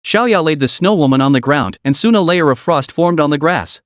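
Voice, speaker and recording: Male narrator, scripted story recap, lively swinging pitch, dry close sound. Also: a little fast, hardly any pauses, no room sound.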